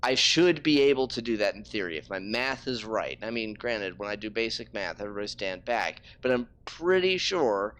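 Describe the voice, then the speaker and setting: A man's voice: on the low side, expressive, moderate pace, few pauses, fairly bright tone, smooth. A man streaming a game live, ranting in frustration and swearing freely. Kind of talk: casual live-stream talk.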